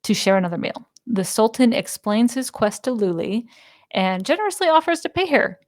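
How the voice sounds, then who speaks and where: A woman's voice: a little high, big pitch swings, no echo. Give me a woman podcast co-host with a wry, sarcastic way of summarizing a story, recorded close and dry. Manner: brisk, wry plot recaps with dry sarcasm. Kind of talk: casual book-club chat, summarizing plot.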